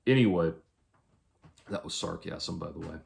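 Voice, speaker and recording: A man, a musician, talking through a casual, rambling monologue to camera, halting often and adding dry sarcastic asides. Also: low-pitched, vocal fry, darkish tone. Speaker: musician vlogger.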